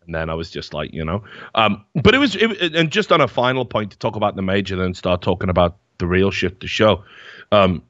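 A man's voice: low voice, very animated, fairly quick, fairly bright tone, no echo. A young man telling rambling, profane stories in a casual chat as podcast host. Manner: rambling, profane storytelling with many fillers. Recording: dull, dry lo-fi mic.

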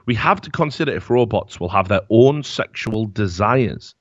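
Animated man reading news, lo-fi. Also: lowish voice, moderate pace, dry recording. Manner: animated, swearing, laughing often. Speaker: podcast host. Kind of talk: casual chat, reading news stories aloud.

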